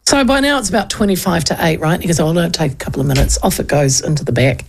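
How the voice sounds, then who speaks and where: A middle-aged New Zealand woman hosting a radio show, telling a story in a chatty, animated way with frequent laughs. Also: fairly low pitch, fast talker, gravelly, slight background noise. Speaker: radio host. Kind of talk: casual storytelling chat.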